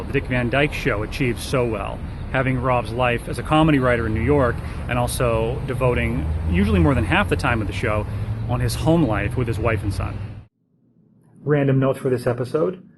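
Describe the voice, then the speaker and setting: Man, casual TV commentary, chatty, mid-pitched voice, faint hum behind. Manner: chatty, thinking aloud with fillers. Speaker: TV show reviewer.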